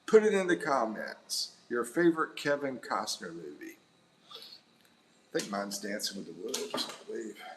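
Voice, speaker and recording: Rambling middle-aged man, low voice. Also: animated, moderate pace, fairly bright tone, slight background noise, rough recording. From United States. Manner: rambling and chuckling. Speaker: livestream host. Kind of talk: casual live-stream chat. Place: indoors by a sunny window.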